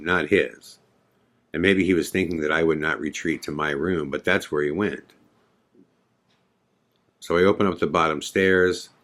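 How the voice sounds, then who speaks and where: A man's voice: low-pitched, a bit bright. A man hosting a podcast, retelling a frightening night in an intense, regretful way with some swearing. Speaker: podcast host. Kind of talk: first-person storytelling.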